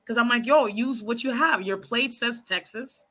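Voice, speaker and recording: A woman's voice: fairly high pitch, moderate pace. A woman talking casually to her viewers, giving frank dating advice and telling stories with lots of asides. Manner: chatty, frank, animated storytelling with many asides; speaks to viewers as y'all and ladies. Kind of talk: casual advice chat to camera.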